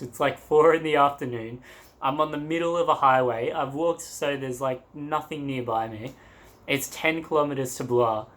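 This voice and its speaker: A man's voice: fairly high pitch, normal speed, fairly bright tone. A young man in a travel vlog, telling a story to the camera in a loose, rambling way, with laughs and crude asides. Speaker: travel vlogger.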